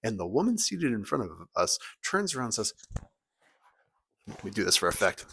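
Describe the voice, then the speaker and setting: A man in his thirties, a pastor, talking casually to his church in a weekly video message. He tells stories with humor and lively swings in his voice. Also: normal speed, creaky, pauses often, slightly rough. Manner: conversational, humorous storytelling with big pitch swings.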